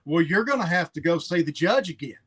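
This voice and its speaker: A man telling a relaxed personal story in casual chat, chuckling as he goes. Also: on the high side, a little fast, slightly rough. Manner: laid-back, chuckles as he tells stories. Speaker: car show co-host.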